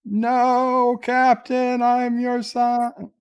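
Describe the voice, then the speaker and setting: A man's voice: very high-pitched, completely flat delivery, very slow, clean tone, muffled recording, pitched above the performer's own voice, exaggerated voice. A man voicing a naive, earnest young male crewman who answers politely and is easily bewildered.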